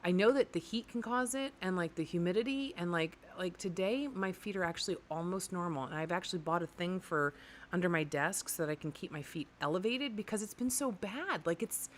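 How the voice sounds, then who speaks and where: Woman co-host, lowish voice, meandering and full of ums, faint hiss behind. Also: lively intonation, brisk. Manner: rambling, many fillers and restarts. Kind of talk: casual chat.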